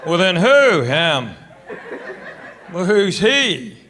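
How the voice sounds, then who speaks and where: A man doing stand-up in a comedy club, his voice sitting a touch high for a man. He tells his stories in a deadpan way and plays out both sides of each exchange on a handheld stage mic. Loud laughter and noise from the crowd fill the room around him. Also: extremely slow. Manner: deadpan storytelling, acting out both sides of dialogues.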